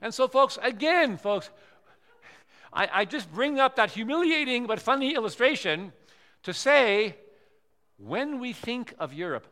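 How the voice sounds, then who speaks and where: A middle-aged man preaching as a visiting missionary at a church service, telling stories in an animated, emphatic way. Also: very high voice, unhurried, long reverb tail. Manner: animated storytelling, loud emphatic swings. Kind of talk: sermon.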